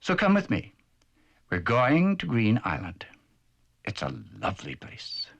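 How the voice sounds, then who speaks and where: Huffy, stern male duck, played by a man for a vintage cartoon; husky and cross. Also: mid-range voice, wildly swooping pitch, measured pace, a bit bright, dull audio, full character voice.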